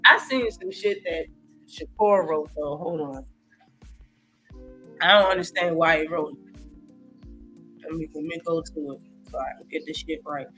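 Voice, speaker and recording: High-voiced animated man on a live stream. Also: unhurried, pauses often, faint music behind. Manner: animated, profane, reacts to live chat. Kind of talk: casual live-stream boxing talk.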